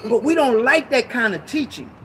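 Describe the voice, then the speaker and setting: A man preaching an informal Bible teaching sermon, emphatic and slangy, repeating himself and breaking into shouted bursts. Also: very high voice, big pitch swings, moderate pace, a little hiss or hum.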